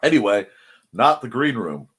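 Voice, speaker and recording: Animated, playful male stream host. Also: mid-range voice, moderate pace, slightly rough. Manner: animated, playful, reads comments aloud. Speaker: host of a creative morning show. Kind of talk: casual live-stream chat.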